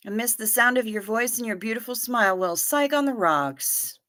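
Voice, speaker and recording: Reading comments on her livestream at a moderate pace, this host has a fairly bright voice that sits on the high side. Her manner is folksy and chatty: she calls viewers honey, greets them by name, and fills gaps with hums and sung doo-doos.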